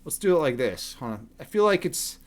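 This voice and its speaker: Male streamer, high-pitched, easygoing rambling chat at home. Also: big pitch swings, brisk. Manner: chatty, rambling with restarts, playful. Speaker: livestream meditation host. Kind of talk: casual live-stream chat. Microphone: webcam.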